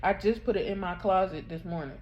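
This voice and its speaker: A grieving woman vlogging from her bedroom, telling a painful story in a halting, rambling way, close to tears. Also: medium pitch. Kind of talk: emotional personal confession vlog. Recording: dull muffled sound with faint background hum.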